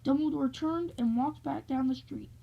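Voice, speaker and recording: A woman reading a novel aloud in a steady, gentle storytelling way. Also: high voice, moderate pace, creaky, highs cut off.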